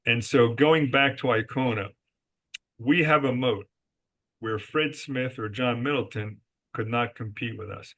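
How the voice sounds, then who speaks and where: Forceful, emphatic man telling business stories. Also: mid-range voice, a little slow. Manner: emphatic, answers his own rhetorical questions. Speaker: guest, resort company executive. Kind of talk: podcast interview storytelling.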